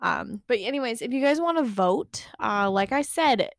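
A woman's voice: fairly high pitch, expressive, moderate pace, no room sound, clean studio sound. A woman co-hosting a podcast in casual chat, easygoing and joking, with a few "um"s and "uh"s. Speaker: podcast co-host.

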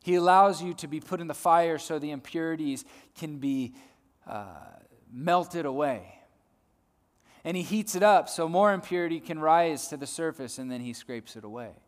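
A male preacher giving a sermon, swinging between loud emphasis and soft hushed lines, often repeating words as he builds a point. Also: a little high, normal speed. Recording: long hall reverb.

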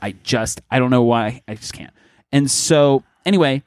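A man chatting casually on a gaming podcast, animated and profane, acting out what others said in mock voices. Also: mid-range voice, normal speed, clear, resonant tone, dry recording, studio quality. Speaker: podcast co-host.

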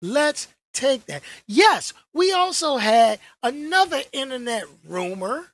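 A young woman talking straight to her audience in a casual vlog rant about movie news, her husky voice swinging up and down a lot. She's slangy and animated, loves repeating a phrase for effect, and keeps throwing in exasperated asides. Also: sits high, measured pace, dry recording. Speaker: vlogger.

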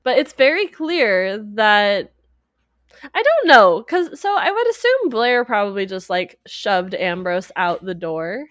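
A woman's voice: mid-range voice, a little slow, no room sound, studio quality. A woman co-hosting a podcast, casually recapping a movie and acting out the characters' lines with frequent laughs. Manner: animated retelling with quoted voices, frequent laughs. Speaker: podcast co-host.

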